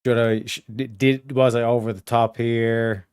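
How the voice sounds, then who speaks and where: A man's voice: medium pitch, little pitch movement, unhurried, a little mellow, clean tone, dry recording, studio quality. A man hosting a casual stream chat, rambling with many fillers and restarts over a video call. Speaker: streamer host.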